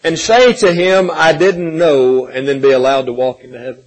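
High-voiced impassioned male preacher. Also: fairly even intonation, normal speed, rough recording. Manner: impassioned, rising and falling between loud pleading and hushed softness; repeats words and restarts, addresses listeners as friends. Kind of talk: sermon.

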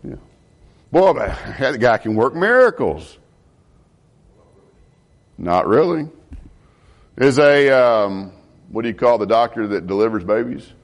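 A middle-aged man, a pastor preaching a sermon in an animated way and asking the congregation questions. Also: mid-range voice, slow, long pauses.

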